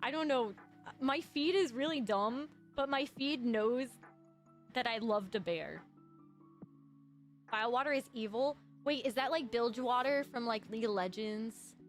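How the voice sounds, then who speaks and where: A woman streamer chatting casually to her viewers, bubbly and excitable with sudden shrieking outbursts. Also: fairly high pitch, unhurried, soft background music.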